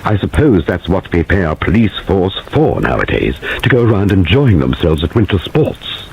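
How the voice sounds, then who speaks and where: Booming, acid older woman, imperious and disapproving, as a male narrator voices her. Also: sing-song, moderate pace, creaky, a little mellow, husky, heavily acted, low-quality recording. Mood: scornful.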